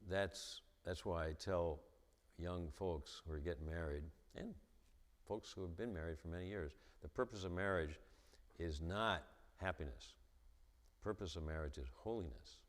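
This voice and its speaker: Brief: man, stutterer, deep low voice, lecturing in a reverberant church. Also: normal speed. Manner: stutters, repeats the starts of sentences. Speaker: guest speaker at a church. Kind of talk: lecture-style church talk. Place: church hall with an audience.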